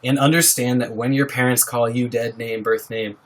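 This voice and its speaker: A man's voice: mid-range voice, fairly even intonation, moderate pace. A young man hosting a casual livestream, talking earnestly and supportively to his viewers and reading out their names. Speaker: livestream host. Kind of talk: casual live-stream chat with viewers.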